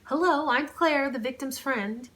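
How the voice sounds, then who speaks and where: Woman putting on a bubbly young female friend, chirpy, excited, fussing, storybook reading. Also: sits high, a little slow, pitched above the performer's own voice. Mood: cheery, fussing.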